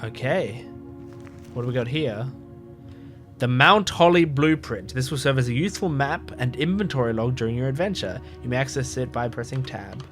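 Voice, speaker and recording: A man hosting a casual let's-play in a relaxed, chatty way, sleepy and yawning, who laughs often while he reads game text aloud. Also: mid-range voice, normal speed, over music. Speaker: gaming video host.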